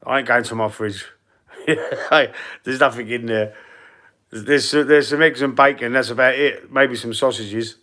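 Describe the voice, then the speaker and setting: A man's voice: mid-range voice, steady tone, unhurried, pushed and bright. A man from London with a London accent, chatting casually on a live stream as a football fan, rambling, laughing often and swearing now and then. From London, England. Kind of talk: casual live-stream chat reading comments.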